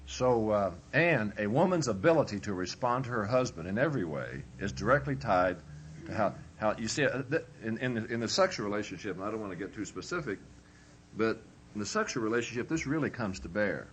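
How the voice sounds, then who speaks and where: A man's voice: lowish voice, expressive, a little fast, a little hiss or hum. Folksy man lecturing on marriage. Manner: humorous, conversational, acts out both spouses. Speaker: preacher leading a marriage workshop.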